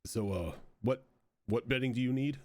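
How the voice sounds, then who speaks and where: A man voicing a courteous male minotaur shopkeeper in a tabletop game, speaking in a measured, formal way. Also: mid-range voice, darkish tone, no echo, clean studio sound, close to an everyday voice. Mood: polite.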